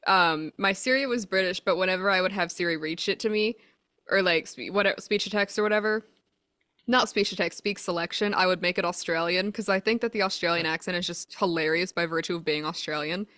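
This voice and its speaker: A woman's voice: on the low side, fairly quick, bright, forceful tone, no room sound, clean studio sound. A woman hosting a casual chat, laughing often and swearing playfully.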